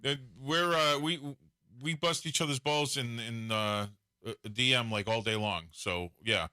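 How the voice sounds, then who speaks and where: A man's voice: mid-range voice, a little slow, sharp tone, smooth, no room sound, studio quality. A man co-hosting a live stream, chatting casually and teasing his co-host with frequent laughs. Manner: joking, teasing banter, laughs often. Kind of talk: casual chat.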